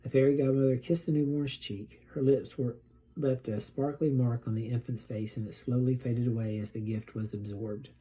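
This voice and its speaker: A male teacher reading a children's storybook aloud in a steady, gently expressive way. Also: mid-range voice, normal speed, husky.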